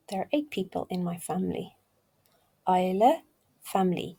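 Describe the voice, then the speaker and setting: A woman's voice: on the low side, animated, moderate pace, long pauses, dark tone, husky. A woman hosting a casual video lesson, chatty and self-deprecating, thinking aloud as she goes. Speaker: language learner teaching Turkish.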